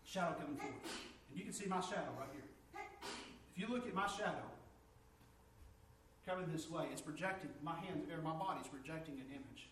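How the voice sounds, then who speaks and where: A man preaching a sermon, telling stories with lively energy that climbs high and loud when excited. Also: a little fast, pauses often, recorded from a distance, slight background noise. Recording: echoey room, from off mic.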